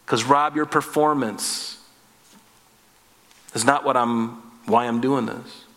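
God, gentle and reassuring, hushed as the preacher voices him, in a reverberant hall. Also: male voice, mid-range voice, voice pushed down, close to an everyday voice.

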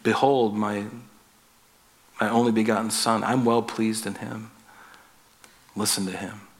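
A hushed, tender male voice of God the Father, put on by a man preaching. He speaks low and quietly, solemn but gentle, as if leaning in close. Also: fairly even intonation, normal speed, natural voice.

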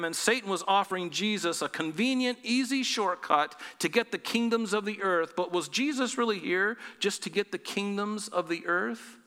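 A man preaching in a lively sermon, throwing rhetorical questions at his listeners. His voice sits a little high and rings bright and forceful. It carries a long reverb from a large hall. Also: moderate pace. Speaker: pastor.

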